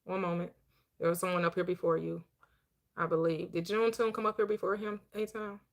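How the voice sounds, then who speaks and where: A woman hosting a live online discussion room, speaking in a casual dialect. She drives her points home with slow, emphatic, preacher-style rhythm when she quotes scripture. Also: fairly low pitch, little pitch movement.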